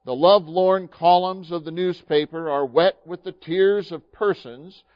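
A man with a fairly high voice preaches a sermon. He talks in a folksy, storytelling way, with plenty of fillers and restarts. The recording sounds dull and muffled. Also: steady tone, unhurried. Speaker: pastor.

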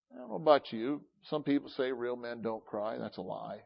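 A middle-aged man preaching a sermon, talking with feeling and building to loud, fervent peaks. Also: mid-range voice, expressive, fairly quick, creaky, highs cut off.

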